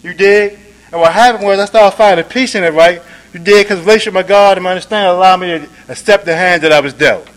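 Man, recovery testimony, casual street talk, fillers like "right?", somewhat high voice, shifts between quiet and loud. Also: fast talker, poor audio. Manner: conversational, peppers talk with "man", "right?" and "you dig?"; swings between soft, low passages and louder, emphatic ones. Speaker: speaker sharing at a recovery meeting.

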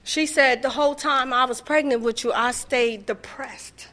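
A woman's voice: sits high, fairly even intonation, normal speed, fairly bright tone. Emotional woman sharing her recovery story. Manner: raw, emotional, profane storytelling. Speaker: recovery meeting speaker. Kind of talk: personal testimony at a meeting.

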